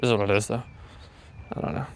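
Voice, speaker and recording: A man's voice: on the low side, fairly even intonation, fast talker, creaky, slight background noise. A young man, hosting a live walking stream and chatting casually with viewers in a rambling, filler-heavy way. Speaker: livestream host. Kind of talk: casual live chat while walking, reading viewer comments. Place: outdoors on a walk.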